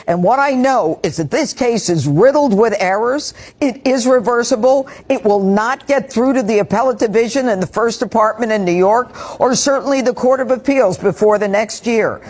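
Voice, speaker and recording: Fifties legal analyst, measured and disillusioned, mid-pitched voice. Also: darkish tone. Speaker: legal commentator. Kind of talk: TV commentary.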